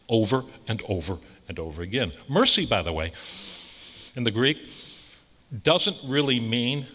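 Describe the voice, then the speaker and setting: Priest guy preaching, bright forceful voice, blunt and emphatic, long hall echo. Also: mid-range voice, sing-song, a little slow, pauses often. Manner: emphatic, blunt, repeats phrases for stress. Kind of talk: conversational sermon.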